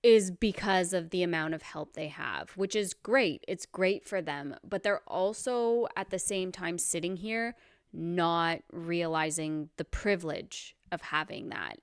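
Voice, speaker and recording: A woman's voice: lowish voice, fairly bright tone, clean tone, dry recording, studio quality. A woman hosting a commentary video who reacts to podcast clips in a blunt, sarcastic way. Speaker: commentary host.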